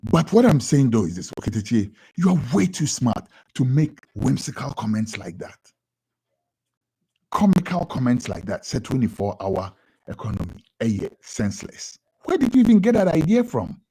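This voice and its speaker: A young Ghanaian man with a Ghanaian accent giving an animated editorial commentary on radio, often repeating words for emphasis. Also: medium pitch, normal speed, husky.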